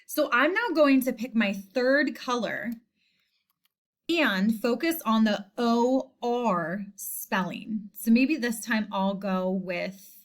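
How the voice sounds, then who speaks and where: Slow, deliberate woman teaching spelling. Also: on the high side. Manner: slow, deliberate, repeats each word. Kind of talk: spelling lesson. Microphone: screen recording voice-over.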